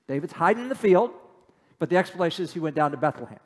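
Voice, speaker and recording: A man's voice: a little high, expressive, racing, long reverb tail. A man preaching a sermon who reads scripture aloud and then explains it in a casual, conversational way. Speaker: pastor. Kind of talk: sermon, Bible teaching.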